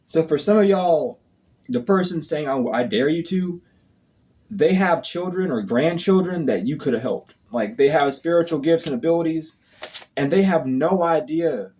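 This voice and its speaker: Man with a fairly high voice, a spiritual reader who scolds his viewers bluntly and swears freely. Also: normal speed, darkish tone. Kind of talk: casual monologue to viewers.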